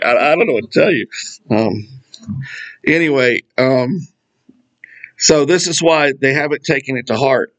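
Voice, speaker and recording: A middle-aged man talks through scripture in a loose, conversational way. He has a mid-range voice, wanders off on tangents and chuckles at his own asides. His delivery is animated and unscripted. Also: medium pitch, unhurried, pauses often, rough recording. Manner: animated, digressive, laughs at his own jokes. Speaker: Bible teacher. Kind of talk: casual Bible study talk.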